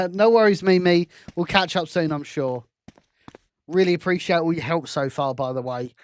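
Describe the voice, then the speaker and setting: A man's voice: fairly high pitch, normal speed. A young man giving rambling, self-deprecating commentary while playing a game, laughing often. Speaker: fan film director and game streamer. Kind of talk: casual gameplay commentary.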